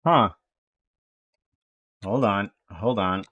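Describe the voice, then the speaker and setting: An American man streaming live, rambling to himself in casual chatter as he tries to fix his software. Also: on the low side, lively intonation, dull audio. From United States. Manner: mutters to himself while fixing software, slow and rambling.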